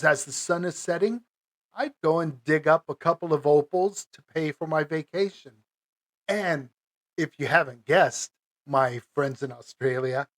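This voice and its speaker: A man hosting his own podcast, talking casually and rambling with lots of fillers, restarts and little chuckles. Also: on the high side. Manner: chuckles between phrases. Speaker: podcast host. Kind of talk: casual solo podcast monologue.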